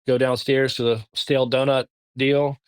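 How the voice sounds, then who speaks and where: A middle-aged man from the American South with a Southern accent, telling a story as a podcast guest in a halting, animated way. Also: mid-range voice, clear, resonant tone, no echo. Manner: animated, halting, lots of restarts. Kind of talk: casual storytelling.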